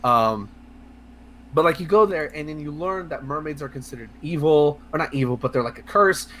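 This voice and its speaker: A man co-hosting a casual video game podcast, talking in a rambling, excitable way with lots of fillers, restarts and swearing. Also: on the high side, normal speed, slight background noise. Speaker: podcast co-host. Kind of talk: casual podcast chat about video games.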